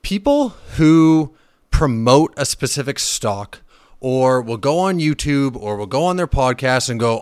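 Man, podcast host, blunt, swears a lot, rants, dry close sound, mid pitch. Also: measured pace, dry recording. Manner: blunt and profane, ranting; animated when riled, with fillers and restarts. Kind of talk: casual solo finance podcast.

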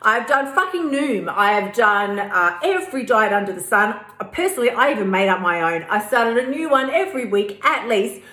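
A woman's voice: medium pitch, animated, normal speed, hardly any pauses, sharp tone. A woman hosting a podcast, talking in a chatty, emphatic way with playful asides. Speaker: podcast host. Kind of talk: casual motivational podcast talk. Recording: roomy sound with faint music.

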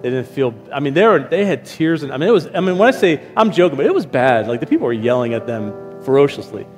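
A man's voice: medium pitch, fast. Storytelling man preaching in a reverberant hall. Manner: storytelling, acting out his own lines in lively asides. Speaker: pastor. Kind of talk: sermon. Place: church hall. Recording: reverberant hall with faint music.

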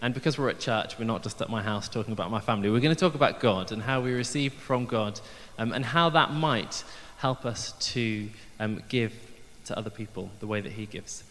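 Male preacher, relaxed and joking, with a long church echo behind him. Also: lowish voice, a little fast, hardly any pauses. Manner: chatty, self-deprecating, many ums. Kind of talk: humorous church sermon. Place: church hall. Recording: long hall reverb.

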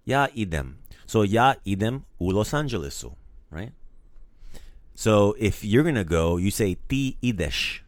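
A man hosting a casual language lesson, animated and playful, teasing his co-host and praising each repeat. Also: on the low side, a little slow, dry recording, studio quality.

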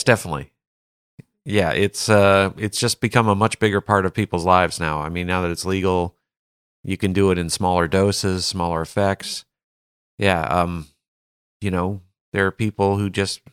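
A man co-hosting a podcast as a caddie, telling stories in an animated way and laughing often. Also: deep voice, normal speed, clear, resonant tone, no echo, clean studio sound. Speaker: golf caddie, podcast co-host. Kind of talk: casual chat.

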